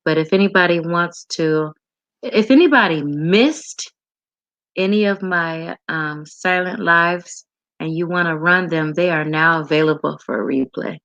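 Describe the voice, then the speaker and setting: A woman hosting a livestream in a casual, chatty way, answering viewer comments with frequent ums and pauses. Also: on the low side, fairly bright tone, no echo, dull audio. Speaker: livestream host.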